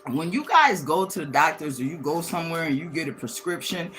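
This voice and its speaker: A woman hosting a livestream, telling a personal story to her viewers in a candid, slangy way and jumping up high to act out what others said. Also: a little fast, slight background noise. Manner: animated, swings into high acted-out quotes of others; candid, slangy, laughs as she talks. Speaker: livestream host.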